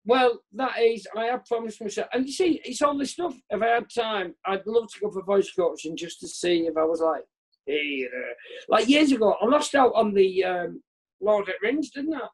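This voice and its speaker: A husky, high-voiced man at a moderate pace, he's a comedian being interviewed over a video call. His candid chat wanders, leans self-deprecating, and trails off mid-thought, picked up through remote video-call audio.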